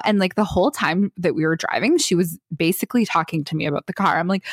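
Lively woman telling a story, dry close mic. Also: fairly low pitch, fast talker, few pauses, breathy edge, no echo. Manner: animated storyteller who acts out quotes and laughs often. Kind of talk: casual chat, storytelling.

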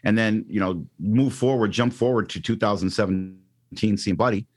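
Male radio DJ, middle-aged, from around Chicago, lowish voice, casual animated interview storytelling, stumbles and restarts. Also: moderate pace, faint music behind. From Chicago area, Northwest Indiana. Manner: animated storyteller, acts out quotes, frequent ums and restarts. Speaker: radio DJ guest.

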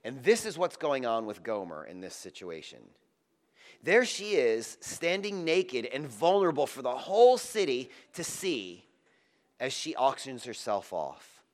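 Expressive male preacher with lively pitch. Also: measured pace. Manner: dramatic, swinging from loud emphasis to hushed tenderness. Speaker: pastor. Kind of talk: sermon.

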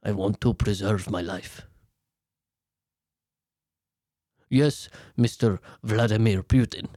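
A cowed henchman, played by a man who mutters his thoughts low and fearfully, now and then slipping into a whisper. The voice drops well below the man's usual pitch and sounds quiet and close. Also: measured pace, dry recording. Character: frightened male henchman, yes-man to his boss.

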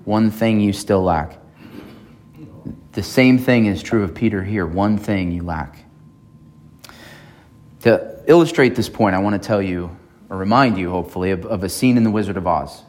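A man, a pastor, preaching a sermon in a conversational way and often checking in with his congregation. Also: fairly low pitch. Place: church.

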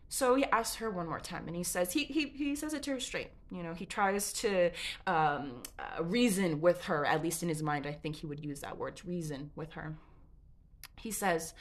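A woman's voice: on the low side, a little fast, fairly bright tone. Chatty, frank woman storyteller. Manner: chatty, digressive, frank, swears. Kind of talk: casual storytelling.

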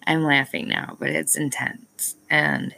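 A young mother vlogs to her viewers in a slow, steady, low voice that is creaky and a bit bright. She rambles candidly, with plenty of ums and self-aware asides. The recording quality is low.

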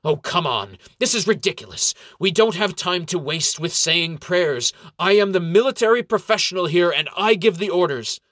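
A man's voice: medium pitch, lively intonation, moderate pace, a bit bright, no room sound, clean studio sound. Man doing a brusque, arrogant ranger. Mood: indignant. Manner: brusque, dismissive. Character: tall muscular male ranger, arrogant and impatient.

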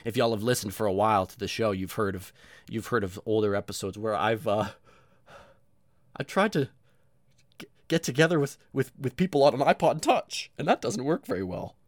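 A male podcast host talking on his own in a loose, rambling monologue, full of swearing and jokes at his own expense. His pitch jumps around a lot, and he sounds keyed up and energetic. The recording is dry and close, with no room sound. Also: moderate pace, no room sound. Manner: rambling, profane, self-mocking. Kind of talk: casual solo monologue.

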